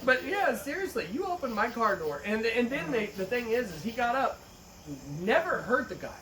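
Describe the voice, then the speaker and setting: A man's voice: extremely high pitch, very animated, normal speed, sharp tone, distant mic, slight background noise. A man co-hosting a podcast, telling a story in a profane, jokey, casual manner and acting out the quotes. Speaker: podcast co-host. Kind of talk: casual chat.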